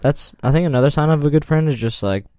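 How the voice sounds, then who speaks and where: A man's voice: a little high, fast, warm tone, clear, resonant tone, no room sound, clean studio sound. A young man hosting a podcast, talking in a laid-back, rambling way and often saying "like". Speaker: podcast host. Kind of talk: casual chat.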